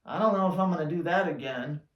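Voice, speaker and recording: Man, dog trainer, live viewer Q&A, blunt, slangy, energetic, echoey room. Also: a little high, fast talker, muffled recording. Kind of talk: live Q&A answering viewer questions.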